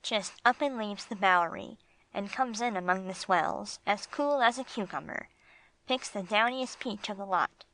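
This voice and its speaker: A woman voicing a gruff, streetwise male bulldog with slangy tough-guy talk, read for an audiobook. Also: mid-range voice, normal speed, sharp tone, rough recording.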